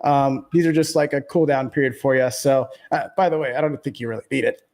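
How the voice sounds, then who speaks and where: A man's voice: mid-range voice, steady tone, fairly quick, darkish tone. A man hosting a gaming podcast in a laid-back, casual way, laughing easily. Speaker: podcast host.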